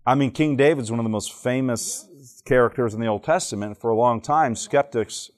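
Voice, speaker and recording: Fairly quick and mid-range, this southern voice comes from an Alabama man teaching at church before a live audience. He peppers the talk with jokey stories and keeps quizzing the people in front of him.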